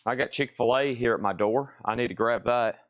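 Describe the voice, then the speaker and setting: A man's voice: mid-range voice, normal speed, dull audio, slight background noise. A man hosting a live record sale, chatting casually and joking while he eats. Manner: laid-back, chatty, joking while eating. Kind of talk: casual live-stream chat.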